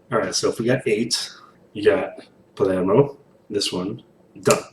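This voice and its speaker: A young man in casual reaction commentary while painting, animated, rambling and swearing a lot, recorded on a distant mic in an echoey room with faint hiss. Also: lowish voice, unhurried, long pauses. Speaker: reaction video host.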